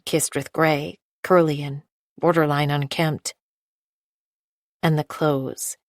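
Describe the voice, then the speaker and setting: Low-voiced woman narrating an audiobook. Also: no room sound, clean studio sound. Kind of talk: first-person scripted narration.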